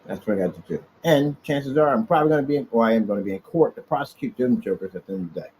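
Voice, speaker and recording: A man's voice: medium pitch, expressive, rapid-fire, a little mellow, slight background noise, poor audio. A man in a casual off-the-cuff vlog rant, rambling about his business and taunting his critics directly, sometimes stretching out words for emphasis. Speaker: small business owner vlogging. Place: office indoors.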